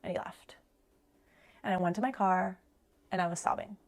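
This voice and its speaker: A woman in her thirties telling a personal story in a rapid, conversational way, full of "like" fillers. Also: fairly low pitch, steady tone.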